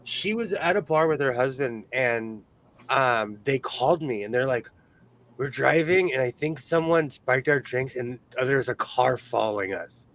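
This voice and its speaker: A man's voice: medium pitch, lively intonation, unhurried, fairly bright tone, no room sound. A man from California hosting a sewing livestream, chatting casually, laughing often and reading the chat aloud.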